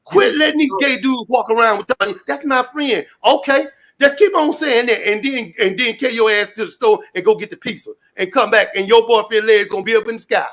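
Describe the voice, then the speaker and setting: A man ranting loudly and profanely in street slang, rambling and repeating his catchphrases. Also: extremely high pitch, a little fast. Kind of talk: animated rant to an interviewer.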